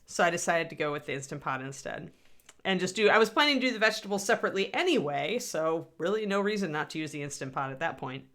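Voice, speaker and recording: A woman's voice: fairly low pitch, expressive, fast talker, fairly bright tone. A middle-aged woman hosting a casual livestream, chatting in a rambling way and answering viewers while painting miniatures.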